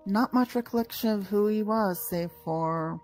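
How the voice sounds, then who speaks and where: A woman's voice: medium pitch, normal speed, a little mellow, soft background music, natural voice. A woman playing a motherly older woman who dotes on a young hero and playfully pries into her friend's feelings, in a fan audio drama. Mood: tender, wistful. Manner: playfully prying, mock-stern.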